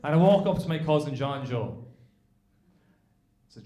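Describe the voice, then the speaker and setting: An Irish man doing stand-up comedy, his voice sitting fairly high as he tells a rambling, swear-laced family tale. His voice bounces around an echoey club room. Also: lively intonation, slow, dark tone. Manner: swearing, self-deprecating anecdotes. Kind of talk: stand-up storytelling.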